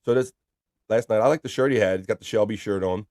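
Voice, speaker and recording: A man's voice: on the low side, fast talker, a little mellow, no echo, clean studio sound. A man hosting a live stream in casual chat, reading viewer messages aloud in an upbeat, chatty way.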